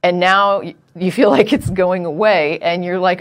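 A woman's voice: on the low side, steady tone, moderate pace. A woman co-hosting a call-in show, talking to a caller in a direct, earnest, explaining way. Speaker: co-host.

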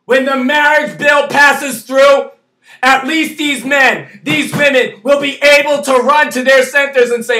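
A man delivering an impassioned, pleading rant with a lot of swearing, often shouting. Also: very high-pitched, fairly even intonation, measured pace, slight background noise. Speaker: vlogger. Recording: echoey room, far from the mic.

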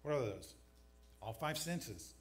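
A man's voice: mid-range voice, lively intonation, takes it slowly. Man preaching with dry humor. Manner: conversational preaching with dry jokes. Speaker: pastor. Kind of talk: sermon. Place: church sanctuary.

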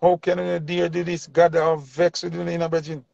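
A man's voice: fairly high pitch, flat delivery, moderate pace, vocal fry, a little mellow, no echo. A man with a Jamaican accent delivering a passionate, preachy commentary rant in heavy Patois. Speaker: vlogger. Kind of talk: ranting commentary. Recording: dull lo-fi dry sound.

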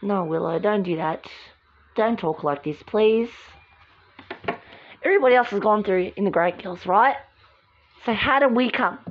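A woman's voice: medium pitch, brisk, a little hiss or hum, close to an everyday voice. A woman voicing a pleading, insistent young woman friend in an amateur voice drama. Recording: dull lo-fi recording.

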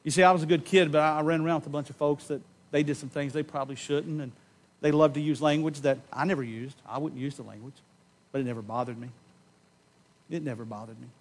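A man preaching a sermon in a church, giving an impassioned personal testimony that swings from loud emphasis to hushed tones and slows on key words. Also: on the high side, steady tone. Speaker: pastor. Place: church sanctuary.

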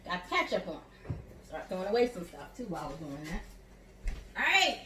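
This lowish, sing-song voice belongs to a Southern US woman moving a little fast through a chatty cooking demo at home. As a home chef she encourages viewers, calling them "y'all" and "honey." Background noise is present, and her voice carries from a distance in an echoey kitchen.

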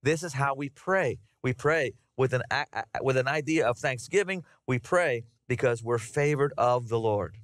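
A middle-aged man preaching a conversational, animated sermon to his congregation. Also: medium pitch, moderate pace, few pauses, dry recording, studio quality. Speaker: pastor. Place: church sanctuary.

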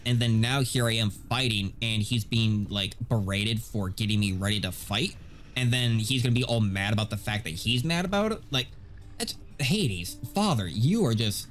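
A man giving gameplay commentary as a video host, animated and ranting. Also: medium pitch, a little hiss or hum. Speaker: gaming YouTuber.

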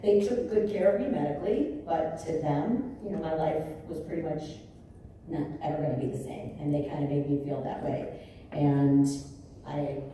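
A middle-aged woman tells a candid personal story from the stage, animated and acting out what she once said. Her voice sits low and mellow. It comes through a big echoing hall from some distance off. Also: normal speed, slight background noise. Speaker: founder giving a keynote speech. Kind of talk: personal storytelling speech to a live audience. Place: large indoor conference hall. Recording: echoey hall recording from far off.

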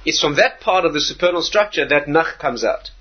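A rabbi with a husky, slightly high voice lectures on the Torah. He is animated and circles back on his own phrases while he asks rhetorical questions. The recording sounds dull and lo-fi. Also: fairly quick.

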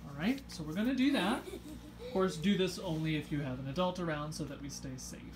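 A woman in her thirties leading a home Sunday school lesson for children, speaking gently and encouragingly and reading a storybook aloud. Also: deep voice, fairly quick, background noise. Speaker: Sunday school teacher, parent. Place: family home.

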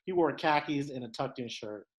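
A man in his thirties from Detroit, a guest on a podcast, telling stories in a lively, animated way and acting out the voices of the people in them. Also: medium pitch, fairly quick, crowd noise, rough recording. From Detroit, USA. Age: 30s. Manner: animated storyteller, acts out quoted voices. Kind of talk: casual conversation, storytelling.

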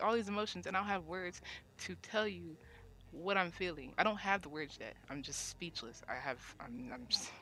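A woman recounts a painful relationship story in loose, casual talk, packing her sentences with fillers and starting over when she gets upset. She swears freely. Her voice is bright, with a forceful edge. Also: lowish voice. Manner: rambling, many fillers, repeats herself when upset. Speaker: cast member sharing her side.

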